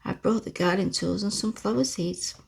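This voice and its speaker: A woman voicing a gentle, kind country boy, friendly and calm, in a whispered role-play. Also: mid-range voice, moderate pace, creaky, slightly rough.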